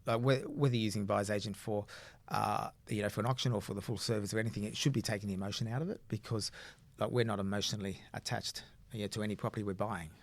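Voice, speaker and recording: A man's voice: lowish voice, fairly even intonation, quick pace. A man, a buyer's agent explaining his work in casual podcast chat, rambling with frequent fillers.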